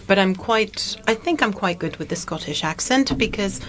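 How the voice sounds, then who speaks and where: Woman, mid pitch, lively, anecdotal, casual guest chat. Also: normal speed.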